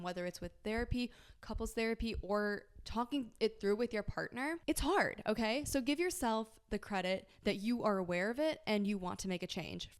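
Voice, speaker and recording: Woman, podcast host, casual advice chat, candid and blunt, curses often, emphatic and reassuring, mid-pitched voice. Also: smooth. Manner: candid, frank, swears freely.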